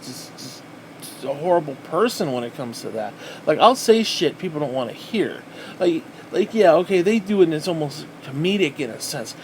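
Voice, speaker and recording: A man's voice: a little high, darkish tone, a little hiss or hum. A man hosting a podcast, ranting angrily and bitterly with lots of swearing. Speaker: podcast host. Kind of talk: angry profane rant.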